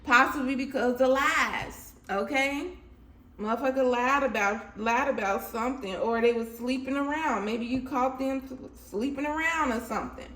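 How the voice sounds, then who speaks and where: A woman giving a casual, animated tarot reading to her viewers, laughing often and swinging between loud and low. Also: normal speed, slight background noise. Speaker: tarot reader. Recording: echoey room.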